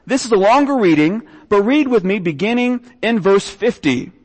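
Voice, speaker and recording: A man's voice: high voice, lively intonation, moderate pace, in a large hall, low-quality recording. A young man preaching a sermon, earnestly reading scripture aloud and often repeating his words. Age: young adult.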